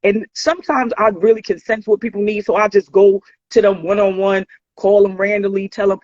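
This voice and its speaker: A woman's voice: medium pitch, brisk, no room sound, dull audio. A woman guest with a New York accent, speaking earnestly and casually in an interview. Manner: soft-spoken, earnest, casual.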